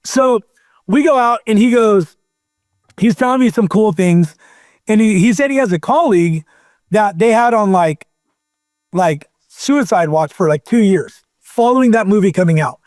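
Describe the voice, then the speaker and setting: A man's voice: sits high, normal speed, dry recording, studio quality. A man telling a long story in casual chat, rambling and acting out quotes. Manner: rambling, animated storyteller who acts out quotes. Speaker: podcast guest.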